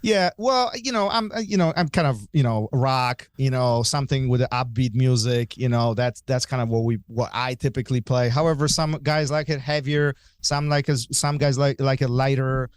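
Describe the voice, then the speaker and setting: A man guesting on a podcast, telling stories in a lively, filler-heavy way. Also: medium pitch, normal speed, hardly any pauses, clean tone, no echo. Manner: animated storyteller, lots of fillers. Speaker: guest, jiu-jitsu black belt instructor. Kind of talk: casual podcast chat.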